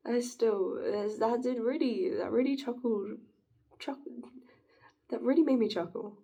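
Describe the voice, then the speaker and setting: A woman with a husky, breathy edge to her voice, wandering through a loose spoken monologue. Her tone sits mellow and warm, with gravelly fry creeping into the ends of her phrases. She muses aloud and giggles easily as she goes. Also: fairly high pitch, slow, pauses often. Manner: meandering, giggly, philosophizing. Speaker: vlogger. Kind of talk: rambling casual monologue.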